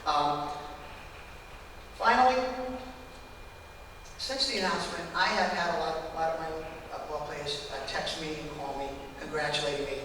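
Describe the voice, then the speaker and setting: Older male ex-coach at a podium, high-pitched, emotional and heartfelt, heard from a distance with a long hall reverb. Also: steady tone, brisk, sharp tone, a little hiss or hum. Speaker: retired baseball coach. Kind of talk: hall of fame acceptance speech. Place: large event hall. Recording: echoey hall from far off.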